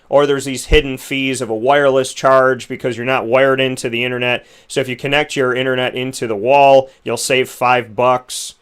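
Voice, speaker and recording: A male host talks through his frustrations in loose, rambling commentary. He keeps asking rhetorical questions. His voice is smooth and resonant, at a middle pitch. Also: a bit bright. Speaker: show host. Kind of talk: opinion commentary.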